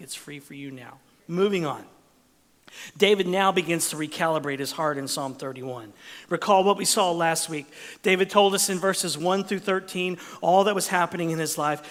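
A man preaching a sermon as pastor, expressive, dropping to whispers and rising for emphasis. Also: fairly high pitch, in a large hall.

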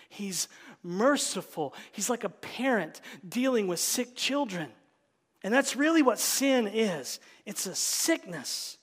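A male pastor preaching a sermon, swinging between forceful emphasis and hushed whispers. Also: high voice. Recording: long reverb of a large hall.

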